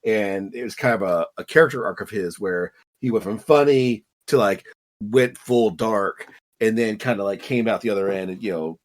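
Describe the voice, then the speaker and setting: Rambling man with a lowish voice. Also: moderate pace. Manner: rambling, filler-heavy. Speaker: podcast co-host. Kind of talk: casual chat.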